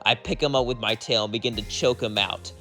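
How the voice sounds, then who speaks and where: A man's voice: mid-range voice, a little fast, fairly bright tone, soft background music. A man casually narrating a fan story in a plain, rambling way.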